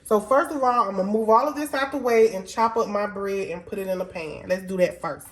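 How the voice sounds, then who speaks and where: A woman's voice: medium pitch, fairly quick. A woman hosting a casual cooking tutorial in her home kitchen, stuffed up from a cold and chatting in a down-home, informal way. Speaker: cooking show host.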